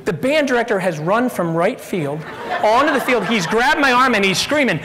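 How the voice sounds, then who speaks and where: Man, middle-aged, keynote storyteller, animated, acts out characters, bright high voice. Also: normal speed. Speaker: keynote speaker. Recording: echoey hall with long reverb.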